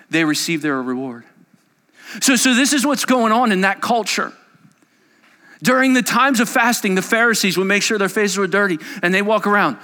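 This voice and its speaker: A man preaching a sermon as a pastor, animated and joking, with heavy emphasis. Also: high-pitched, moderate pace, long reverb tail.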